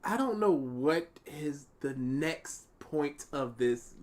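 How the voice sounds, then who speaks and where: A man's voice: fairly high pitch, lively intonation, slow pace. A man co-hosting a live react stream, making wry jokes about a video.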